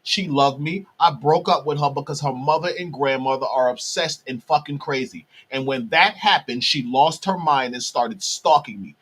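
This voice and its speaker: A man's voice: medium pitch, normal speed, hardly any pauses, fairly bright tone, slightly rough. A man delivering a heated ranting monologue straight to his viewers, repeatedly calling out to them. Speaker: vlogger.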